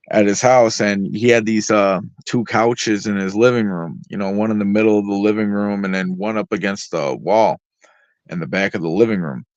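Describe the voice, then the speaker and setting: A man's voice: fairly low pitch, no room sound. A man, the guest artist in an interview, tells stories casually, swearing heavily and rambling through plenty of fillers. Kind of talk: casual storytelling. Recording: dry, slightly dull lo-fi sound.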